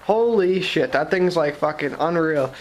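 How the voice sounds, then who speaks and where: A man's voice: on the high side, lively intonation, measured pace. A young man with a Boston accent chatting casually to camera from his shop, rambling and swearing as he jokes. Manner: rambling, profane, jokey. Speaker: vlogger.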